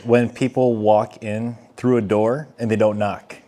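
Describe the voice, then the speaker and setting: A man's voice: on the low side, level tone, a little slow, dark tone. A man co-hosting a podcast in casual chat, giving his opinions and laying out his points step by step. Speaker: podcast co-host.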